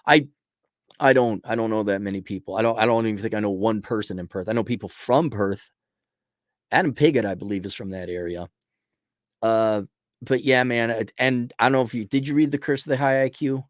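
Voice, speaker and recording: A man's voice: mid-range voice, lively intonation, normal speed, no echo, clean studio sound. A man hosting a show, giving blunt, crude, sarcastic advice in a casual rant to a viewer. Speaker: host answering a viewer question.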